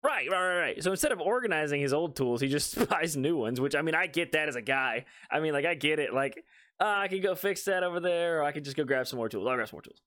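A young man chatting on a podcast with a fairly high, very lively voice that swings widely in pitch. He tells stories animatedly, laughs often and jumps up when quoting himself. Casual co-host energy throughout. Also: fast. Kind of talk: casual chat.

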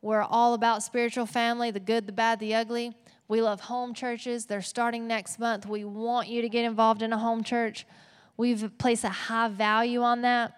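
Texas woman pastor, lively and playful sermon delivery, slightly high voice, echoing church hall. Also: normal speed, clear, resonant tone. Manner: animated, playful asides. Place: church auditorium. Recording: long hall reverb.

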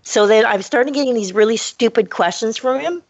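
A woman's voice: fairly quick, no room sound. A woman co-hosting a casual chat, telling a story and acting out the dialogue. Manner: animated, acts out quoted dialogue. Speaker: podcast co-host telling a story. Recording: dull dry low-fi sound.

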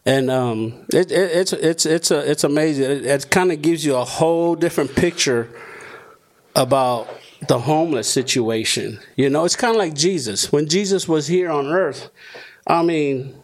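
A man who is a pastor, telling stories casually in an interview, animated and full of fillers, acting out the dialogue he quotes. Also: fairly high pitch, moderate pace. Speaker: pastor and podcast guest.

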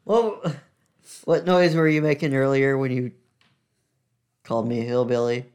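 A man chatting casually with his co-host, tossing back dry, joking replies. His voice sits at an ordinary pitch for a man. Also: unhurried, darkish tone, clear, resonant tone. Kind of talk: casual chat.

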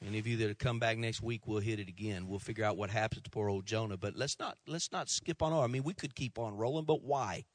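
A male pastor preaching a sermon to his church, impassioned at first, then soft and pleading as he calls people forward. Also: lowish voice, quick pace, few pauses. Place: church sanctuary.

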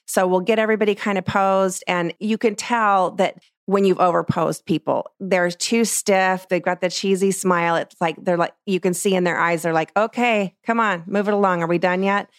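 Lively woman with a low, dry voice. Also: normal speed, no echo. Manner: lively, acts out what she tells clients. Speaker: portrait photographer. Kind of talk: casual teaching talk.

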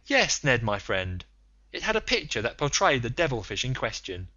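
A man doing a deadpan, unflappable manservant. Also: mid-range voice, moderate pace, lo-fi sound. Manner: deadpan, matter-of-fact. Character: calm, unflappable male manservant.

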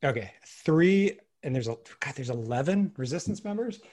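A man's voice: medium pitch, animated, normal speed, darkish tone. A man playing along as a contestant on a trivia podcast, laughing often and joking about himself. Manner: laughs often, self-deprecating. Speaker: quiz contestant. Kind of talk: casual podcast chat.

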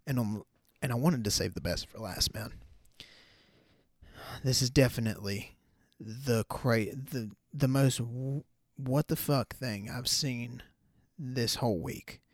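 A man's voice: medium pitch, slow, dry recording, clean studio sound. A man hosting a podcast alone, talking in a loose, chatty, profane way with lots of fillers and restarts. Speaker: podcast host. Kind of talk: casual solo podcast rant.

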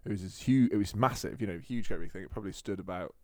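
Low-voiced man, eager storyteller, dry close sound. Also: fast talker, dry recording. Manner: enthusiastic, laughs often. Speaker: co-host. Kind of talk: casual podcast chat.

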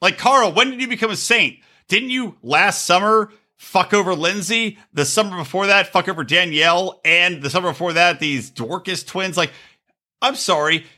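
A man hosting a podcast, ranting profanely and mocking reality TV stars with quick impressions. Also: high-pitched, sharp tone. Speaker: podcast host. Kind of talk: profane comedic rant.

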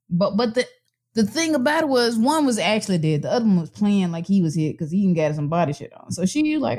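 A woman's voice: mid-range voice, expressive, brisk, darkish tone. A woman co-hosting a casual comic review, retelling scenes with quoted lines and frequent laughter. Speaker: podcast co-host reviewing a comic. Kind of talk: casual chat.

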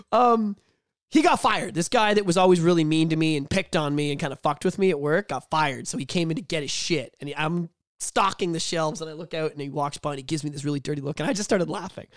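A man's voice: a little high, brisk, dry recording, clean studio sound. A young man co-hosting a podcast, telling profane stories in casual chat and acting out the voices of people in them. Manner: animated storytelling, profane, acts out voices. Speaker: podcast co-host.

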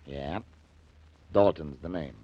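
An actor playing a gruff, slangy crooked fence in a 1940s radio drama. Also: male voice, rumbling low, slow pace, exaggerated voice. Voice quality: raspy, slangy. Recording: dull, dry old radio recording.

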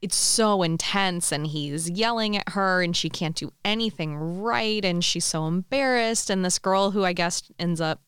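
A woman's voice: lowish voice, unhurried, hardly any pauses, a bit bright, smooth, no echo, clean studio sound. A woman co-hosting a podcast, agreeably chatting about a book and laughing along. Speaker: podcast co-host. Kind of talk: casual book discussion.

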